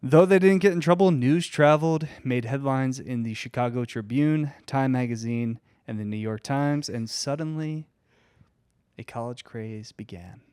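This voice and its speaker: A man hosting a podcast, reading history notes aloud in a casual chat with dry, deadpan asides. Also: medium pitch, normal speed, smooth, no echo. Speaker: podcast host.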